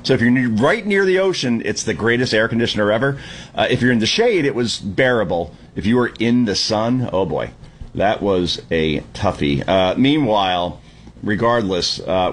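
A man hosting a Sunday morning talk radio show, giving an opinionated, sarcastic monologue that climbs into yelling. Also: lowish voice, slight background noise. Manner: animated, sarcastic, prone to yelling. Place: at the shore.

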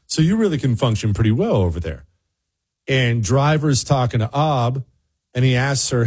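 Husky joking male radio host. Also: mid-range voice, normal speed. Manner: lively, joking storyteller who mimics other people's voices. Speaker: morning radio show host. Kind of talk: casual on-air storytelling to a co-host.

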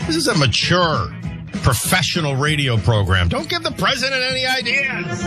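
A man's voice: sits high, wildly swooping pitch, normal speed, over loud music. A man hosting a morning talk radio show, bantering playfully and teasing.

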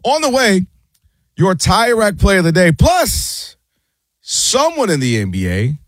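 A man's voice: sits high, huge pitch swings, measured pace, dry recording, studio quality. A man hosting a casual sports talk show, joking and quoting people in put-on voices. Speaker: host.

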